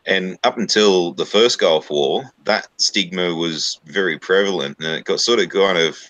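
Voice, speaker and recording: Deep-voiced man in profane, rambling chat. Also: normal speed, a bit bright. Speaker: stream co-host. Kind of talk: casual chat.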